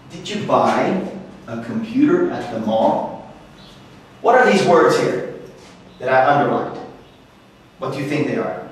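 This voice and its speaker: Echoey, distant man teaching a class. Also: fairly high pitch. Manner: asks the class questions, repeats example sentences. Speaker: English teacher. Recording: very echoey room, from far off.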